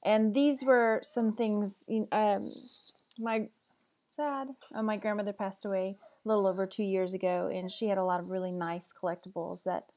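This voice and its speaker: A woman from Texas who resells online, chatting in a casual vlog and calmly running through each item's price and net profit. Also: medium pitch. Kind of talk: casual sales update vlog.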